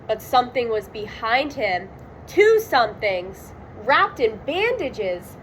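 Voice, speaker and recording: A woman reading a children's storybook aloud, expressive and dramatic on the sound words. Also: fairly high pitch, takes it slowly, a little hiss or hum, poor audio. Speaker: storybook reader. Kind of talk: children's read-aloud narration.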